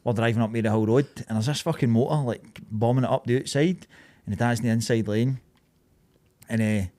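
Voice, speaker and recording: A Glaswegian man in his thirties telling a story in casual podcast chat. He swears freely and laughs as he talks, at a medium pitch. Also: a little fast, dark tone. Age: 30s. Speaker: podcast co-host.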